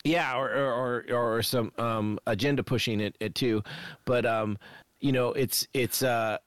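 A man's voice: mid-range voice, fairly even intonation, unhurried, dry recording. A man on a podcast talking casually about a film, enthusiastic, laughing easily and often restarting his sentences. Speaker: podcast co-host. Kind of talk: casual movie discussion.

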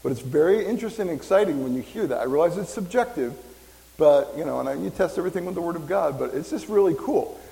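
Pastor in his 50s, loose chatty sermon style, higher voice with a mellow tone, long hall reverb. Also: lively intonation, quick pace, gravelly. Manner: rambling, conversational, jokes with congregation.

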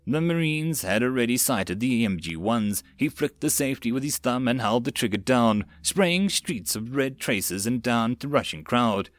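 Man narrating an audiobook, steady plain reading, mid pitch, dry close sound. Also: moderate pace, hardly any pauses, no echo.

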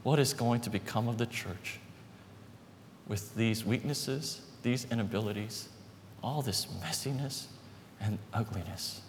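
A man preaching a sermon as pastor, emphatic, repeating phrases and slowing down on key words. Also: medium pitch. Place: church hall. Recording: reverberant hall with faint background noise.

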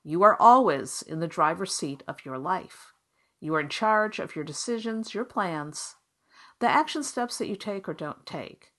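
A woman's voice: fairly low pitch, lively intonation, a little slow, a bit bright. Upbeat woman hosting a tarot podcast. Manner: upbeat, encouraging, conversational. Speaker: podcast host, tarot reader. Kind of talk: solo podcast talk.

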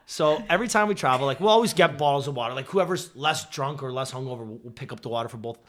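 A man's voice: mid-range voice, quick pace. A young man co-hosting a podcast, joking around and playing out both sides of an argument with a friend. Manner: relaxed, joking, acts out friend's lines. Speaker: podcast co-host. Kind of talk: casual storytelling chat.

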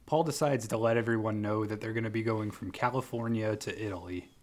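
A man's voice: fairly low pitch, brisk. A man co-hosting a casual podcast, recapping a movie scene by scene, joking, swearing and laughing often. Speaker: podcast co-host.

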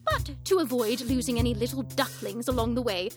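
Woman narrator, high voice, animated, teasing, scripted comedy, music under. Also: fairly quick. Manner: theatrical, teasing the listener.

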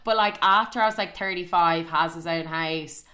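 A young woman telling a story in a casual monologue, animated and full of swearing and "like". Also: fairly low pitch, normal speed. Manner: animated, sweary, heavy use of "like".

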